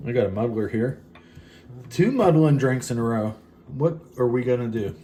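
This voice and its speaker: This is a cocktail demo with casual chat: a man co-hosting a show rambles through asides as he makes a drink in his farmhouse. His mid-range voice is expressive and mellow at a normal speed, with slight background noise.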